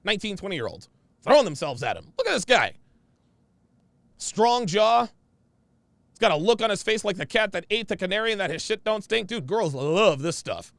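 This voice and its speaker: Brash male stream host, emphatic and repetitive, lively high delivery with gravel in the voice. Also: normal speed, pauses often, no room sound. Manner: brash, emphatic, repeats phrases. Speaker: show host reading viewer comments. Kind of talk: casual livestream commentary.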